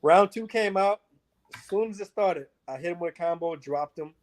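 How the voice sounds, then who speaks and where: A man's voice: sits high, moderate pace. A man with a slightly raised voice, a mixed martial arts fighter recounting his bouts. He talks casually and animatedly, swears freely, and scatters "like" through his sentences. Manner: animated, profane, lots of filler likes. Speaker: MMA fighter guest. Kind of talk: casual interview storytelling.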